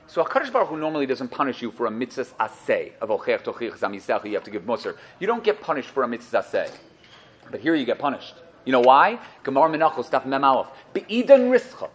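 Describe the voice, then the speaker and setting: A man teaching a Torah class to listeners, storytelling and joking as he goes and acting out the voices in his stories. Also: a little high. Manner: lively storytelling, acts out voices, jokes with listeners.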